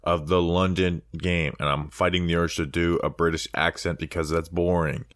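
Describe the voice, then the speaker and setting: Deep-voiced man hosting a sports podcast. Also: normal speed, no echo, clean studio sound. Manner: chatty, excitable fan talk. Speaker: podcast host. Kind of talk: casual sports podcast chat.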